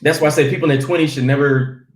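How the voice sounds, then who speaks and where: A man, a comedian, telling stories in a lively casual chat and acting out quotes as he goes. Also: on the high side, racing, roomy sound. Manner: animated storytelling with acted quotes. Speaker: guest comedian.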